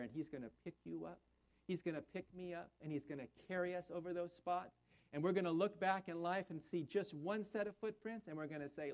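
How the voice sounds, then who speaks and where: A high-pitched male voice delivers an earnest sermon. He quotes scripture and speaks directly to the congregation before leading them in prayer. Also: darkish tone. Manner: earnest preaching, quoting scripture, ending in prayer. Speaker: pastor.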